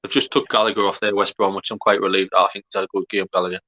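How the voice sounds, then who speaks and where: A man co-hosting a live football watchalong, sweary and excitable. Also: low-pitched, rapid-fire, lo-fi sound. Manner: sweary, excitable, shouts at goals. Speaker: fan co-host.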